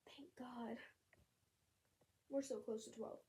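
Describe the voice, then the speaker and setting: Book vlogger, female, high-pitched, chatty and upbeat, casual talk to camera. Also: steady tone, takes it slowly, dark tone, husky. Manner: chatty and upbeat, often laughing. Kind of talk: casual vlog chat to camera. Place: her bedroom at home.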